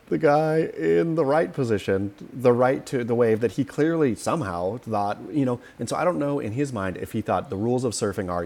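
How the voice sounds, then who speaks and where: A man co-hosting a podcast in casual chat, opinionated and animated, acting out quotes as he tells stories. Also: medium pitch, normal speed. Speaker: podcast co-host.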